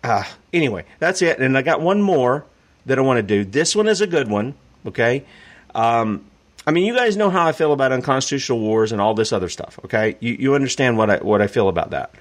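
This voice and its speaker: Man, radio host, political commentary, emphatic, indignant, ranting, middle-pitched voice. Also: animated, fairly quick. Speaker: radio talk show host.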